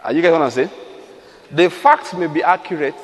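A man's voice: a little high, fairly quick. Emphatic male preacher in a reverberant hall. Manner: emphatic preaching with acted-out quotes and rhetorical questions. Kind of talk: sermon.

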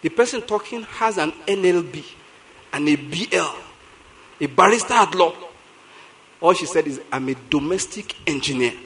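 A middle-aged Nigerian man with a Nigerian English accent, a pastor preaching a sermon in an animated storytelling way, repeating lines for emphasis. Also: sits high, moderate pace, creaky, pauses often, a little hiss or hum, rough recording.

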